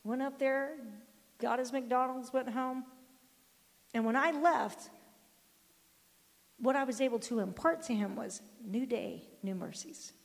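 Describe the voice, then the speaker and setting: Older woman, devotional storyteller, emphatic delivery, gravelly voice with long reverb tail. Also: high voice, a little slow, long pauses. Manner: emphatic, firm, quotes scripture and acts out dialogue. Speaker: grandmother giving a devotional talk.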